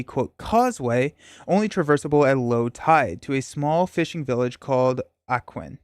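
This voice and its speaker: A man playing a board game solo and reading its story text aloud, often stumbling and correcting himself between casual asides. His voice sits a little high, and the recording is close and dry with no room sound. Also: no echo. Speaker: board game channel host.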